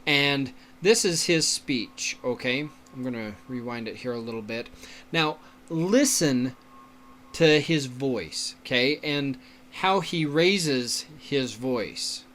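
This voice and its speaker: Teacher guy talking really slow, bright voice, keeps saying okay, faint room noise. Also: mid-range voice, animated. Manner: slow, explanatory, checks in with "okay?", laughs often. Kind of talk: lecture on public speaking.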